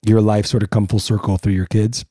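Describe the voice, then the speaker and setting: Male co-host, low mellow voice, easygoing and teasing. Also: flat delivery, fairly quick, no echo, clean studio sound. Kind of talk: casual podcast chat.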